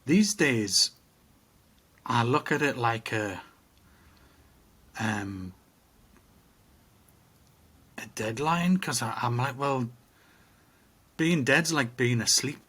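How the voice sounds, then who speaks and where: A man's voice: medium pitch, very slow, long pauses, a bit bright, slightly rough. A middle-aged man co-hosting a casual podcast, reflective and rambling with restarts. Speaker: podcast co-host. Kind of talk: casual chat.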